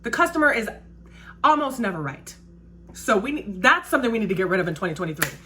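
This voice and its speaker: A woman's voice: medium pitch, sing-song, quick pace, sharp tone, slight background noise. A woman who works as a restaurant server, chatting casually and emphatically while doing her makeup, repeating her key phrases. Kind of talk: casual chat during a makeup routine.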